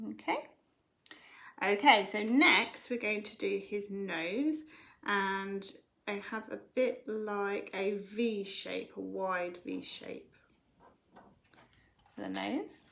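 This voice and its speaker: Gravelly woman teaching drawing. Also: mid-range voice. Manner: patient, step-by-step instructions. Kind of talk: live drawing lesson for children. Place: home.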